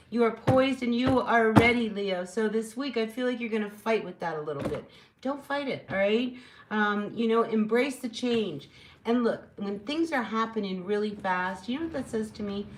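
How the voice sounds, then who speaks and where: A woman's voice: a little high, normal speed, a little hiss or hum, rough recording. A woman giving a casual spoken tarot reading, chatty and encouraging, rambling with lots of fillers. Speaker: tarot reader.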